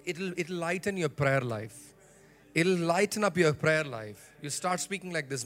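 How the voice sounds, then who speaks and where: A man's voice: sits high, animated, a little slow, a bit bright, faint music behind. A male pastor preaching a sermon in a church, leading the congregation in call-and-response with emphatic repetition. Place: church sanctuary.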